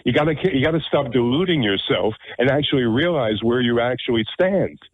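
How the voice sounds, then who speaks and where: A man's voice: medium pitch, animated, a little fast, no echo. A man hosting a talk radio show, delivering an opinionated monologue in a blunt, emphatic way and repeating phrases for effect. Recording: dry, narrow phone-like radio audio.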